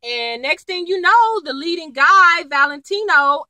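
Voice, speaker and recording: Bright, lively young woman recapping TV. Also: very high-pitched, measured pace, no echo, low-quality recording. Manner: animated, slangy, acts out quotes. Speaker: TV episode reviewer. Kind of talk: casual chatty recap.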